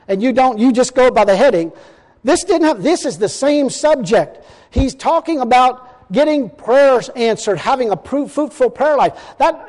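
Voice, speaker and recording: A man preaching a folksy, emphatic sermon, slowing down to quote scripture. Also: extremely high pitch, a little mellow, long reverb tail.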